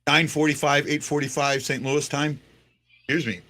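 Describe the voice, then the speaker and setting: A man's voice: a little high, little pitch movement, moderate pace, pushed and bright. A man hosting a casual sports chat, rambling with lots of fillers and restarts. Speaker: podcast host.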